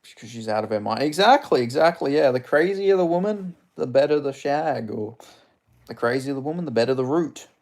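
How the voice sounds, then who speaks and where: A man's voice: medium pitch, expressive, brisk, a little mellow. Young Australian male streamer, crude and rambling, casual chat delivery, mid-range voice. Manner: crude, joking, rambling, reads chat questions aloud. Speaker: livestream host reading chat.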